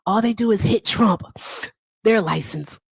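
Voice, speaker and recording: A woman's voice: medium pitch, measured pace, gravelly, slightly rough, dry recording. A woman doing an impression of a blunt, boastful older male politician who talks in short, emphatic, repeated declarations.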